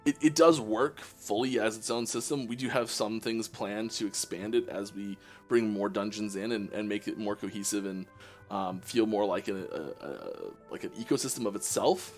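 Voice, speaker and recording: A man's voice: on the low side, moderate pace. A Canadian man, a game developer, chatting casually on a live stream and answering viewer questions, with many restarts and fillers. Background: faint game music.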